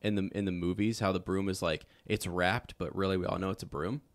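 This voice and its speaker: A man's voice: low voice, little pitch movement, brisk, no echo. A man co-hosting a podcast, chatting casually about a book and rambling with many fillers and restarts. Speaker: podcast co-host.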